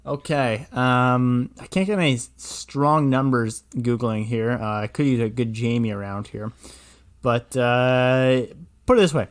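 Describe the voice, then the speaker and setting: A man's voice: medium pitch, a little slow. A young man co-hosting a podcast, chatting casually and playfully, often slipping into silly acted-out voices. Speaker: podcast co-host. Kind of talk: casual chat.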